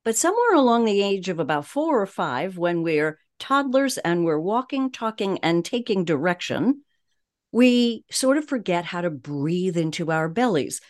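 A woman with a Long Island New York accent, a voice coach talking in a measured, unhurried way on a podcast interview. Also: lowish voice, very animated.

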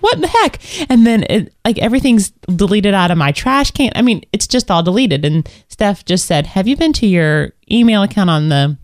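A woman's voice: mid-range voice, dry recording. Chatty self-deprecating woman co-host, dry sound. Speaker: podcast co-host. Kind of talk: casual chat.

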